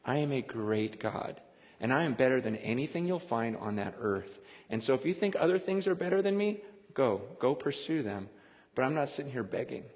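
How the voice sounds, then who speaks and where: A man voicing God as a calm, self-assured male figure who speaks low, quiet and firm. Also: normal speed, big-room sound, natural voice.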